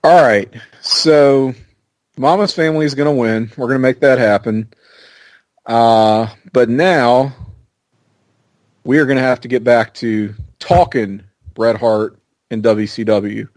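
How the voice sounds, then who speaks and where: Male podcast co-host, mid pitch, easygoing halting delivery, dry recording. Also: dry recording. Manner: easygoing, halting with many ums. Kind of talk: casual chat.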